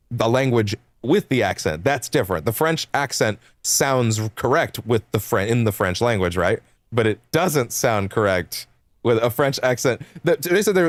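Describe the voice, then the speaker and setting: A young adult man streaming games, chatting casually in a rambling, animated way, laughing often and swearing freely. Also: on the low side, dry recording. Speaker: game streamer. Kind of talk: casual chat while livestreaming.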